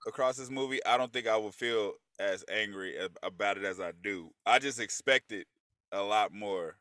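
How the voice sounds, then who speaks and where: Bright, animated man ranting about a movie. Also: on the low side, moderate pace, no room sound. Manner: animated, profane, repeats words when worked up. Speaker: podcast co-host. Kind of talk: casual movie review chat.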